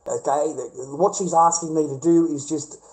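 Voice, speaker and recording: A man's voice: a little high, steady tone, normal speed, darkish tone, poor audio. A middle-aged man with an Australian accent, telling a rambling, repetitive, profane story to camera. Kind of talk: casual rant to camera.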